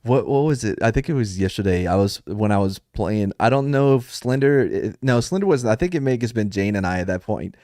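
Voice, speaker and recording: A man's voice: lowish voice, animated, a little fast, few pauses, warm tone, dry recording, studio quality. A young man hosting a podcast in a rambling, joking casual chat, laughing often. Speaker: podcast host.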